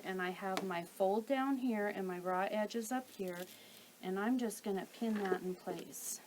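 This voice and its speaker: A woman calmly talking through a sewing tutorial step by step while she works. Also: medium pitch, a little hiss or hum, low-quality recording. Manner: calm, methodical, talks while working. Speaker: quilting instructor.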